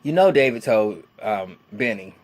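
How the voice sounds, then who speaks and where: A man in his forties giving a casual, excitable, heavily cursing recap of a TV episode. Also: lowish voice, moderate pace. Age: 40s. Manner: excitable, heavily cursing, acts out characters' lines. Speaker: TV episode reviewer.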